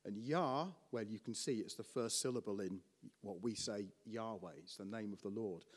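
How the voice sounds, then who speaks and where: A man preaching a teaching sermon in an animated way, often restarting and putting questions to his listeners. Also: on the low side, moderate pace, long reverb tail.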